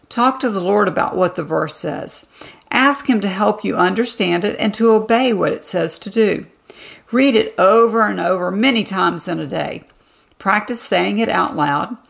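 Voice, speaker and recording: A woman hosting a devotional podcast, giving a scripted teaching in a calm, measured reading with deliberate emphasis. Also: mid-range voice, gravelly.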